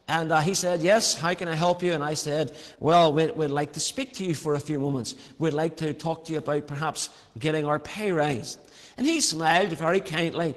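A man's voice: high voice, a bit bright, long reverb tail, poor audio. A man preaching a sermon in an earnest storytelling manner, with varied emphasis.

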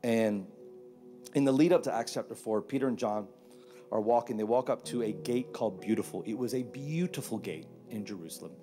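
Soft music plays beneath a pastor's brisk, mid-range voice as he preaches on a church stage. He jokes around and acts out Bible scenes and quotes in put-on voices, staying animated throughout.

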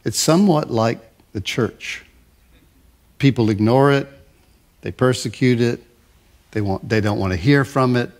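Here a pastor, an older man whose medium-pitched voice is a little mellow, preaches in a chatty, conversational style. Lists of phrases get slowed down for emphasis, and he keeps repeating and restarting his words.

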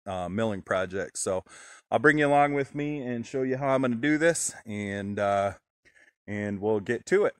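Low-voiced man explaining outdoors, dry sound. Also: dry recording. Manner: relaxed, thinks aloud with many fillers. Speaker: homesteader showing sawmilling. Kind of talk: casual how-to narration. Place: outdoors at a log pile.

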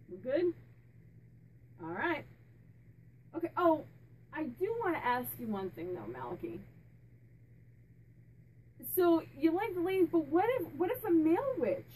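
High-pitched lady medium chatting about a spirit, mic a bit far off, faint room hum. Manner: chatty, warm-hearted, many restarts and fillers; laughs and jokes with the spirit. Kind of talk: casual channeling talk to camera.

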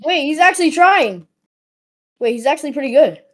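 A woman streaming her game and chatting with friends, excitable, teasing and slangy. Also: high voice, fairly quick. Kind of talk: casual gaming chat.

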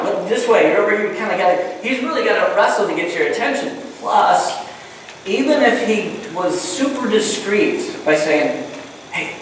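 A middle-aged pastor preaches in a goofy, chatty way and keeps slipping into quoted voices. His voice sits high for a man. It reaches the mic from far off, with a long echo ringing through a big hall. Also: slight background noise. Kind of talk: sermon. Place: church hall.

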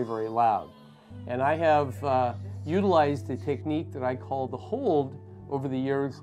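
A male pediatrician talks in a gentle, patient way with a slightly raised voice, walking through each step in order. He sounds like he is teaching in a clinic consultation room, with soft music in the background. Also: a little high. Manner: gentle, calm, step-by-step explaining. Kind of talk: instructional demonstration.

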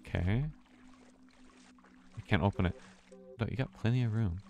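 A man's voice: lowish voice, normal speed, warm tone, highs cut off, a little hiss or hum. A man streaming a horror game, talking to himself with nervous laughs and swearing. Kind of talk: casual let's-play commentary.

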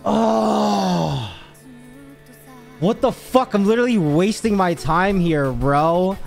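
A young man talks casually on a livestream, his voice high and lively, leaping up and down as he rants. He swears freely and sounds exasperated with his chat. Faint music plays underneath. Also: measured pace, creaky. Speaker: streamer.

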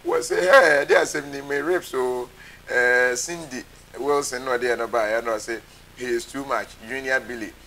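A man's voice: medium pitch, fairly even intonation, normal speed, sharp tone, slight background noise, rough recording. A man hosting a live show, casually reading viewer comments aloud.

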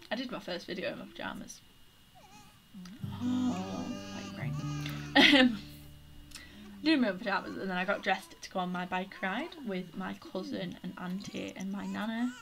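Loud music plays behind this woman's creaky, mid-range voice as she talks at a normal speed. She's a gaming YouTuber narrating a life-sim let's-play, chattering in a flustered way and scolding the characters, with background noise throughout.

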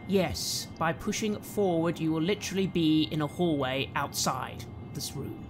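A man narrating a tabletop horror game as game master, slow and dramatic. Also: fairly high pitch, music in the background.

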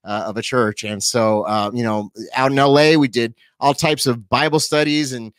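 A man in his forties, a pastor telling his personal testimony as an interview guest, animated and quick with asides. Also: mid-range voice, clean tone, dry recording. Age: 40s. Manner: animated storyteller, quick asides, laughs easily.

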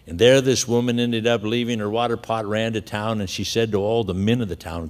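A man's voice: fairly low pitch, fairly even intonation, a little fast, hardly any pauses, long reverb tail. A man preaching a sermon in a conversational storytelling way, chuckling now and then. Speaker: pastor.

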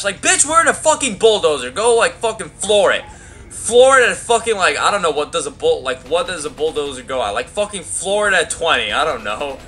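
Lively, bright-voiced profane young gamer. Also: male voice, high-pitched, a little fast. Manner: profane, rambling, crude trash talk. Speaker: gameplay commentator. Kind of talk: let's play commentary.

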